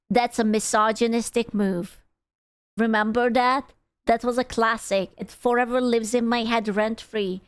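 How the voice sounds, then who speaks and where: A woman's voice: a little high, smooth, no echo. A woman streamer giving casual reaction commentary, sarcastic and mocking, swearing freely. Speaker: VTuber streamer reacting to a video.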